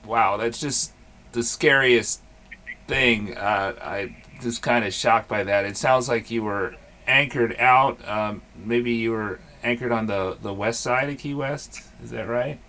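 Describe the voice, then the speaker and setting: A man's voice: medium pitch, unhurried, sharp tone. Casual man hosting an interview. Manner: casual, hesitant questions with fillers. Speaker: host and author. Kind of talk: podcast interview.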